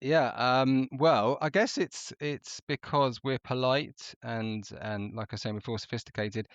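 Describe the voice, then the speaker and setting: A man's voice: mid-range voice, fairly even intonation, unhurried, no echo. A man with an English accent, a podcast guest chatting in a wry, hesitant way with plenty of ums. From England. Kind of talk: casual podcast chat. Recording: dull lo-fi remote audio.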